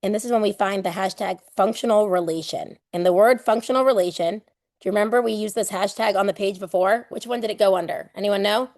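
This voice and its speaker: A woman teaching a live online exam prep class, lively and playful, casual with swearing, acting out everyday examples. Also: medium pitch, a little fast, no room sound, clean studio sound.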